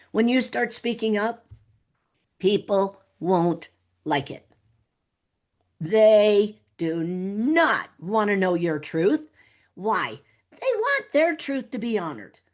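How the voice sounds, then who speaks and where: A middle-aged woman guesting on a podcast, talking in an animated way, laughing often and acting out little dialogues. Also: medium pitch. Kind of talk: conversational podcast interview.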